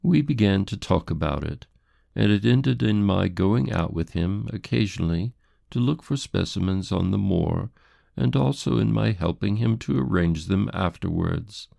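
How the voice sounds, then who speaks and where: A man's voice: sits low, animated, moderate pace, vocal fry, warm tone, no room sound, studio quality, voice pushed up, full character voice. A man voicing a haughty, indignant English society lady who speaks in a prim, defensive, formal way.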